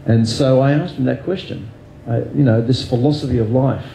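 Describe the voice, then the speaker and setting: Australian man, gravelly voice, mellow tone, candid interview guest, self-deprecating, lots of fillers. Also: medium pitch, normal speed, roomy sound, slight background noise, low-quality recording. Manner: reflective, self-deprecating, many fillers and restarts. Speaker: guest neurosurgeon.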